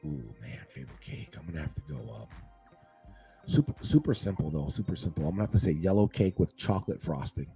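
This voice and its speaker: A man's voice: extremely low pitch, very animated, fast talker, vocal fry, mellow, faint music behind. A middle-aged man chatting as a podcast guest in a laid-back, joking way, full of slang. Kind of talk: casual chat.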